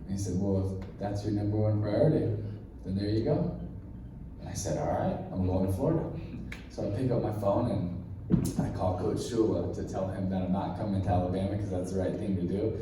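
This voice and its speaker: Animated male storyteller in an echoey hall. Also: sits low, a little fast, far from the mic, background noise. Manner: animated storyteller who acts out dialogue. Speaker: keynote speaker. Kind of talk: motivational storytelling speech.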